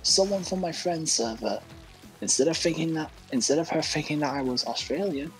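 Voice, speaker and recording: A man's voice: fairly high pitch, a little fast, faint music behind, poor audio. A British man chatting casually during a game, who often repeats his words as he gets going. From United Kingdom. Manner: stammering, repeats words when excited. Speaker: guest gamer. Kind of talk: casual chat while gaming.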